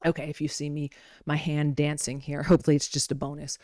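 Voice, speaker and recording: Chatty woman with a low, dry voice. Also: little pitch movement, fast, darkish tone, no room sound. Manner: chatty, playful asides, rambling. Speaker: wellness presenter. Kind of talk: casual teaching talk with storytelling. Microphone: modest home microphone.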